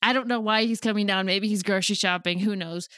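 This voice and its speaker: A woman's voice: medium pitch, fairly even intonation, fast, a bit bright, no echo, clean studio sound. Rambling, teary woman chatting. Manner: rambling, self-interrupting, laughs easily. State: teary, close to crying. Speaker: podcast co-host. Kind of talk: casual chat.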